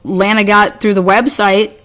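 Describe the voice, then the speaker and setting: A woman's voice: medium pitch, level tone, moderate pace, fairly bright tone. Exasperated, foul-mouthed woman telling a story. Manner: profane, exasperated, rambling with many restarts. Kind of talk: casual storytelling chat.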